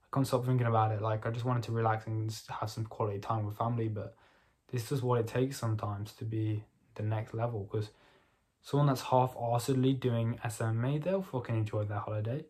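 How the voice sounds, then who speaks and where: A young man talks in a loose, rambling way that keeps turning into pep talk, with plenty of casual swearing. His voice sits at an ordinary pitch for a man, and he sounds like he is chatting alone to camera late at night. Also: a little mellow. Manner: rambling, swears freely, motivational. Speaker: vlogger.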